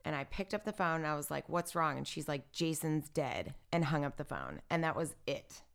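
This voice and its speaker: Animated woman retelling a story. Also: low voice, fairly quick, creaky. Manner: animated retelling, acts out what others said; filler-heavy, lots of "like" and "I'm like". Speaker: interview guest. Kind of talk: personal storytelling in casual conversation.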